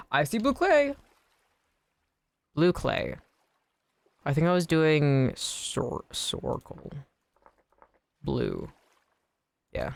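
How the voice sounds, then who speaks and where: Chatty low-voiced woman streaming a game. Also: vocal fry, no echo. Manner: chatty, rambling, swears casually. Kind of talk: casual gaming stream chat. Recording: faint background music.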